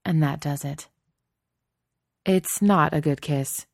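Woman narrator, low mellow voice, steady audiobook delivery, dry close recording. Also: takes it slowly, gravelly, no room sound.

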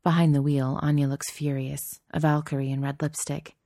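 A woman narrating a story in a steady, soft-spoken audiobook style. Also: sits low, moderate pace, no room sound, clean studio sound.

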